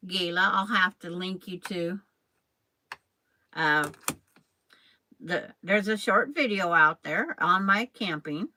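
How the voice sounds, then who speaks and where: An older woman hosts a quilting channel's live stream, chatting and rambling as she sews and greets viewers by name. Her voice is fairly low and sharp in tone, slow with frequent pauses, and the low-quality recording carries slight background noise.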